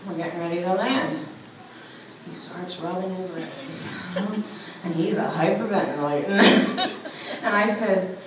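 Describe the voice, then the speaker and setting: A woman's voice: on the low side, takes it slowly, pauses often, very noisy. A woman telling a funny spiritual story, laughing often as she speaks. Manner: animated storytelling with frequent laughter. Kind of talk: humorous spiritual talk. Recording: echoey room heard from a distance.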